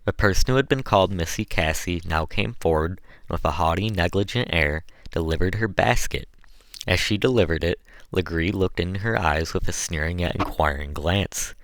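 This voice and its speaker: Male audiobook narrator, deep, measured, dry close recording. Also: a bit bright, dry recording.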